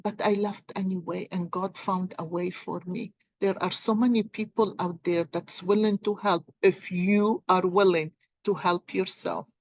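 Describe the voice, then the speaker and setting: A woman speaking as a gives a heartfelt motivational talk, repeating her words for emphasis. Her delivery is slow and unhurried. The recording is dry, with no room sound. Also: on the low side, steady tone, no room sound, muffled recording. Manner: earnest, encouraging, repeats phrases for emphasis. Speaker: tarot and coffee cup reader. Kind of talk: motivational casual talk to viewers.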